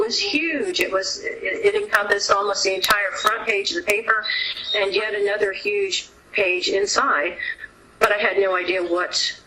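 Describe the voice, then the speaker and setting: A woman's voice: mid-range voice, pushed and bright, poor audio. A middle-aged woman, a whistleblower guest, recounting a personal story in long runs with restarts and quoted dialogue. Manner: narrates in long runs with restarts, quoting others' words.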